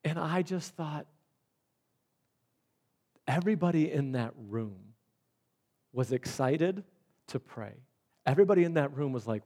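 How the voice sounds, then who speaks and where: A middle-aged man preaching a sermon, animated and storytelling, acting out the dialogue he quotes. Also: on the high side, normal speed. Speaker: pastor.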